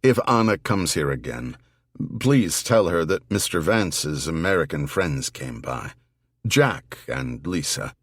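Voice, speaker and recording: A man's voice: a bass voice, lively intonation, slow pace, fairly bright tone, no room sound, exaggerated voice. A man voicing a pragmatic male army investigator in an audiobook, dry and businesslike.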